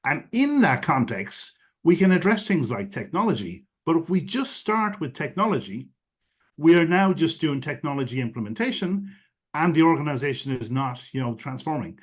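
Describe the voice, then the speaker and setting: A man's voice: a little high, big pitch swings, moderate pace. A man, a guest expert on a webinar call, explains his views fluently, sprinkling in many "you know" fillers. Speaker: guest expert on digital strategy. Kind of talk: webinar interview answers. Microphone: video call.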